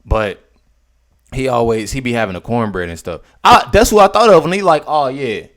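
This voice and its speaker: A young man talks through a reaction video. His voice sits at an everyday middle pitch. He jumps between shouted disbelief and quiet asides. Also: brisk. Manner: animated, incredulous, swings between loud outbursts and mutters. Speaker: commentator reacting to a clip. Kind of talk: casual reaction commentary.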